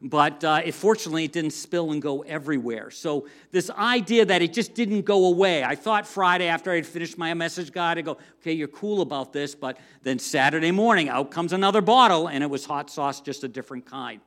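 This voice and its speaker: A middle-aged man from the US, a pastor preaching a sermon in a conversational, animated storytelling way with self-deprecating humor. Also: fairly high pitch, a little fast, few pauses.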